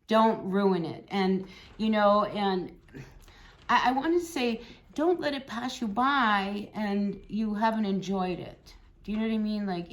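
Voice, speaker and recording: A woman giving a casual, chatty tarot reading, encouraging and blunt, often tagging lines with "right?" and "you know". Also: mid-range voice. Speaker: tarot reader.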